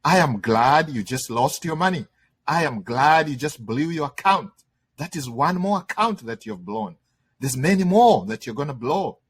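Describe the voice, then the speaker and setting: A man's voice: fairly high pitch, expressive, moderate pace, husky. Emphatic man teaching a webinar. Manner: emphatic, conversational, repetitive, checks in with "okay?". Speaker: trading instructor. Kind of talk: webinar lecture.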